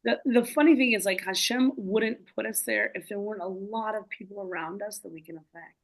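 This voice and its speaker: A woman telling her story in a casual, animated way, rambling with many fillers. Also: medium pitch, brisk, gravelly, low-quality recording. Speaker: guest speaker.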